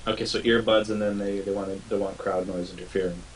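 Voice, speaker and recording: Low-voiced male co-host, halting and curious, set back from the mic with keyboard clatter. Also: little pitch movement. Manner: hesitant, curious, asks questions. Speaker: stream co-host. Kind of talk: casual live stream chat. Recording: distant mic with faint hiss and typing.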